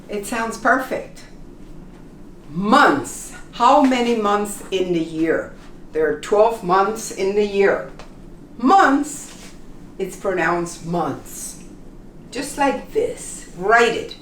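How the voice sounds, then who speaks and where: A woman teaches pronunciation very slowly and deliberately, and her pitch moves about a lot as she models each word. Her voice sits a little back from the mic in a roomy space with faint background ambience. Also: distant mic, slight background noise. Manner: slow, deliberate, repeats words for learners. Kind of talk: pronunciation lesson.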